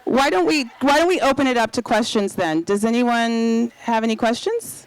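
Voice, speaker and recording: A woman's voice: fairly high pitch, moderate pace, slight background noise, poor audio. A woman moderating a live book event, asking long questions and thinking aloud as she goes.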